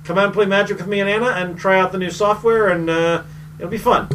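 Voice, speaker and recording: Male podcast co-host, quick rambling delivery, slightly off-mic with faint noise. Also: high-pitched, fairly even intonation, fairly bright tone, recorded from a distance. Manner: rambling, self-interrupting, enthusiastic. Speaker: podcast co-host, game store staff. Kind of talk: casual chat.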